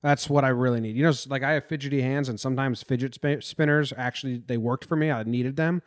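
A man's voice: mid-range voice, steady tone, quick pace. A man from New Jersey hosting a casual sports podcast, rambling and venting his frustration. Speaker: podcast host.

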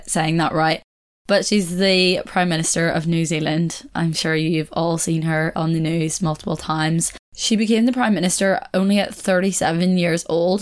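Young female podcast host, somewhat low-pitched, loose chatty delivery that wanders and second-guesses itself. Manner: rambling, chatty, corrects herself, laughs often. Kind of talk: casual solo podcast chat.

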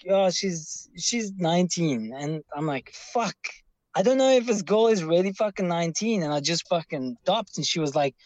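A man's voice: high-pitched, darkish tone, no echo, dull audio. Rambling, swearing male caller. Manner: rambling, heavy swearing, many restarts. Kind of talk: casual storytelling.

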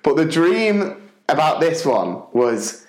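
A man who is a primary school teacher and podcast host, telling lively anecdotes and acting out voices. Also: on the high side, takes it slowly. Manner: lively storyteller, acts out voices. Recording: roomy echo.

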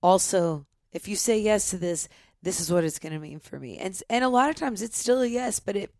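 A woman's voice: mid-range voice, expressive, fairly quick, a little mellow, no echo, clean studio sound. A woman in her forties, a podcast guest, speaking earnestly and searching for words. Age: 40s. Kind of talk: casual conversation.

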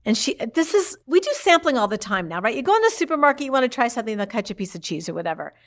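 A woman's voice: on the high side, rapid-fire. A woman telling her mother's story in a casual way, acting out what people said. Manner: animated, acts out quoted speech.

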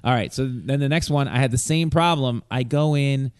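A man with a New York accent, a voice actor hosting a casual chat and telling animated stories with acted-out quotes. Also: medium pitch, normal speed, clear, resonant tone, no echo, studio quality. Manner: animated storyteller acting out quotes. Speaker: podcast host.

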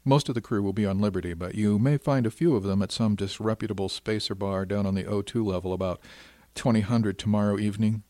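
A man voicing a calm, kindly female starship captain who speaks gently and matter-of-factly. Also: on the low side, dry recording, natural voice. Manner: gentle, brisk and matter-of-fact.

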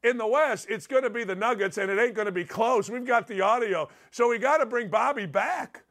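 A middle-aged man hosting a sports talk show, loud, rambling and jokey, swinging from shouts to low mutters. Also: brisk. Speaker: sports radio host. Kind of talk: energetic sports talk monologue.

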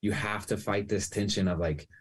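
A man guest and parent in a podcast interview, thoughtful and filling pauses with "like". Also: fairly low pitch, fairly even intonation, breathy edge. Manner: thoughtful, many fillers like 'like'. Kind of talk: conversational interview.

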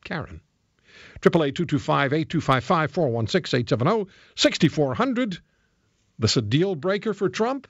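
A male talk radio host with a gravelly voice and lively, swinging intonation. He moves briskly through calls and emails and pushes back firmly. The studio sound is dry and a little dull. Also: on the high side, no echo. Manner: brisk, reads listener emails aloud, pushes back on them. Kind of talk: radio call-in show hosting. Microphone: studio microphone.

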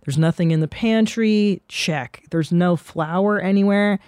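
A woman hosting a comedy podcast, telling rambling, profane anecdotes in a casual, animated way. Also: lowish voice, unhurried, dry recording, studio quality.

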